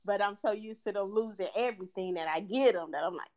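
Animated woman telling stories, dull audio. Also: mid-range voice, quick pace. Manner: animated storyteller acting out her kids' lines. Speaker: podcast co-host and mother. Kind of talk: casual chat.

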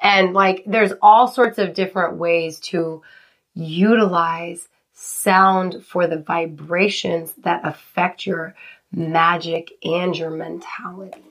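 A woman's voice: fairly low pitch, steady tone, takes it slowly. Chatty swearing woman co-host. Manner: chatty, swears freely, tearful when moved. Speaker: podcast co-host. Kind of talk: casual chat.

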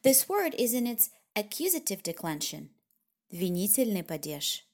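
A woman's voice: medium pitch, moderate pace. Woman teaching a language lesson. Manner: clear, explanatory, lively intonation.

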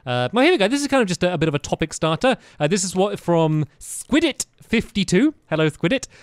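A man's voice: high voice, very animated, fast talker, no room sound, studio quality. A man co-hosting a casual podcast chat, hesitant with many restarts and frequent laughs. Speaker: podcast co-host.

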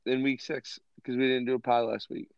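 A man co-hosting a casual podcast, profane and animated as he tells stories. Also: medium pitch, brisk, gravelly, clean tone, no room sound. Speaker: podcast co-host. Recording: dull lo-fi sound.

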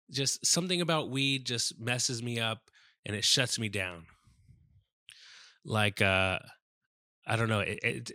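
Lively, bright-voiced male podcast host. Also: mid-range voice, dry recording, clean studio sound. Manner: animated, swears, mouths sound effects. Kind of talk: casual comedic storytelling.

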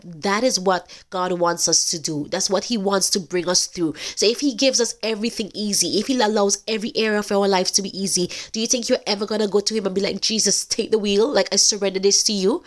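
A woman hosting her own podcast, delivering a faith-based pep talk with earnest emphasis. She speaks directly to her listeners in a voice of ordinary, middle pitch. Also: a little fast. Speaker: podcast host.

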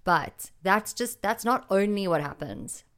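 A woman hosting a casual solo podcast from a small home office, chatty and excitable, rambling a little. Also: medium pitch, a little slow, clear, resonant tone. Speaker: podcast host.

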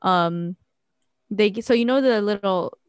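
A woman's voice: mid-range voice, a little slow, clear, resonant tone, no echo, clean studio sound. A young woman chatting casually and telling a story, laughing often and using plenty of fillers. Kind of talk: casual chat.

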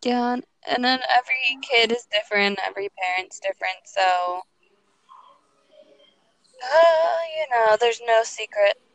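A woman's voice: on the high side, unhurried, a bit bright, no room sound, low-quality recording. A woman co-hosting a parenting podcast, joking and laughing along in casual chat. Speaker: podcast co-host, mother.

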